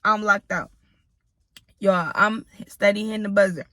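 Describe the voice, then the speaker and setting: A woman's voice: medium pitch, fairly even intonation, unhurried, pushed and bright, no echo. A woman in her thirties telling a personal story to her viewers in a blunt, profane, casual way, often turning to address them directly. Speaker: storytime vlogger.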